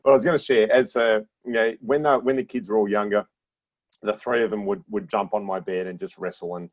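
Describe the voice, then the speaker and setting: Lively man telling stories. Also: fairly low pitch, fairly quick. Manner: animated storyteller with frequent laughs and repeated restarts. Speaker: podcast guest. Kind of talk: casual podcast chat. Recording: dull lo-fi sound.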